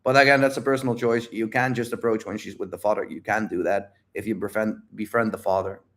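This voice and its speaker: A man in casual livestream talk as a dating coach, blunt and animated, repeating phrases and swearing freely. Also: on the low side, quick pace. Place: home livestream.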